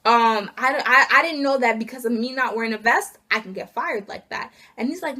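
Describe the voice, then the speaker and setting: A young woman vlogger telling an indignant, animated story about being fired, acting out each side of the conversation. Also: a little high, brisk, hardly any pauses. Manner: indignant, animated retelling with acted quotes. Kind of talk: casual storytime rant.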